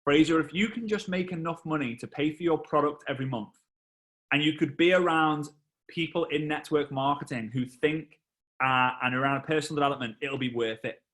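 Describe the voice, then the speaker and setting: Brief: man voicing a fatherly coach, encouraging, steady, lightly raised voice. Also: fairly high pitch, a little fast, lightly acted. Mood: earnest mentoring. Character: fatherly male mentor, calm and encouraging.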